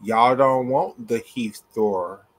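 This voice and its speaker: A man's voice: mid-range voice, slow pace. Heated, profane young man. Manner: heated, blunt, profane and repetitive. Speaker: gymnastics commentator. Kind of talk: ranting commentary vlog.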